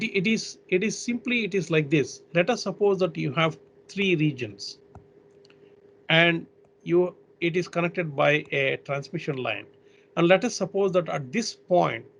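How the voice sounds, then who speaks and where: A man giving a technical webinar lecture as guest lecturer, halting and full of restarts and "you know" fillers, heard over an online video call. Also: on the high side, creaky, a little hiss or hum.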